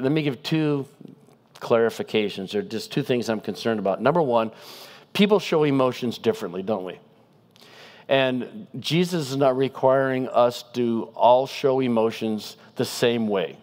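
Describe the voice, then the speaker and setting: A guest preacher with a mid-range voice gives a conversational sermon. He's animated and poses rhetorical questions to the congregation.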